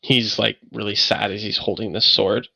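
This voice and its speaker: Bright-voiced man narrating as game master. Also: lowish voice, fairly even intonation, creaky, dry recording, low-quality recording. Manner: halting, rambling narration. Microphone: online voice chat.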